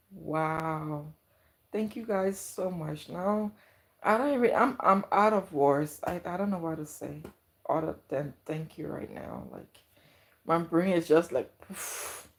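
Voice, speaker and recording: A woman's voice: on the low side, darkish tone. A woman livestreaming from her home kitchen, chatting casually and gushing thanks to her viewers. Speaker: YouTuber livestreaming.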